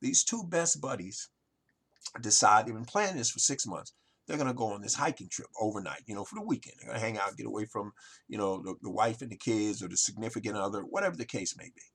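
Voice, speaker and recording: A man's voice: on the low side, expressive, fast, a bit bright, breathy edge. A man hosting a marketing talk show, speaking emphatically to his listeners and piling up rhetorical questions. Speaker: podcast host. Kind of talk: motivational marketing monologue.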